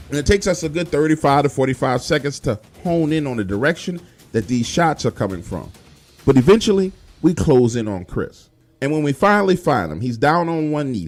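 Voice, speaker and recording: A man telling a true horror story in a profane, animated, street-style way. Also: medium pitch.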